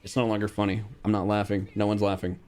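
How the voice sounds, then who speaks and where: A man's voice: fairly low pitch, little pitch movement, fast talker, a little mellow, soft background music. A young man streaming casually, reacting bluntly to a quiz with frequent swearing and reading out chat.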